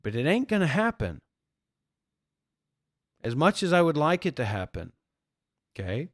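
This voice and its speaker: Blunt, profane man with a higher voice. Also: sing-song, measured pace, dry recording, studio quality. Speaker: spiritual teacher. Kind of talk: livestream talk to viewers.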